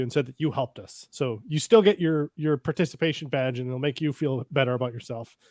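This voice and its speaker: A man's voice: medium pitch, fairly quick, few pauses, darkish tone, no room sound, studio quality. A man co-hosting a casual review podcast, rambling and swearing freely as he acts out lines from the episode. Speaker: podcast co-host.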